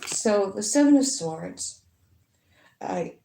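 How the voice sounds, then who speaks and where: A woman speaks extremely slowly yet animatedly, her medium-pitched voice creaky and a little mellow. She's a tarot reader giving a rambling, chatty reading with frequent fillers and some profanity. The sound is echoey, with faint noise.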